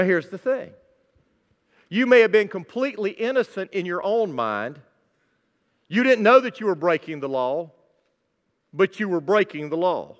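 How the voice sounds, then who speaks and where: A male pastor preaching a sermon with emphatic, direct address to his congregation. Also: a little high. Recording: long church-hall reverb.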